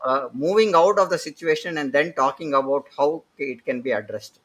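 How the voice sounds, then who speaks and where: A man's voice: a little high, moderate pace, a bit bright, rough recording. A man moderating a leadership panel, summarizing the guest's points and asking follow-up questions. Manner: summarizing, then posing questions. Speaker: panel host. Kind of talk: moderating a discussion.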